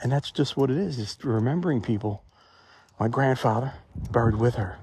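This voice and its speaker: A man's voice: medium pitch, normal speed, darkish tone, a little hiss or hum. A man talking to his phone as he walks outdoors, musing in a rambling, conversational way in a reflective vlog. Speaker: vlogger. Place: outdoors in a cemetery. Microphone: phone held while walking.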